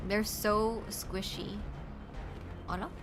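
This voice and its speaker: This woman's voice is mid-range and fairly even, her pace slow, with game music in the background. Giving casual gameplay commentary on her stream, she chats and reacts aloud, sounding worn and strained.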